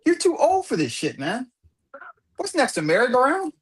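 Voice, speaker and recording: Male streamer, high and animated, dry close mic, lectures his friends in jest. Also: normal speed, husky, no echo. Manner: mock-lecturing, scolding tone. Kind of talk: casual comedic banter on a live stream.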